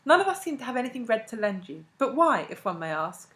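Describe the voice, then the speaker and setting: A woman's voice: a little high, big pitch swings, fast, fairly bright tone. A woman reading the part of a flustered male clerk who answers desperately and then curtly. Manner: desperate, curt.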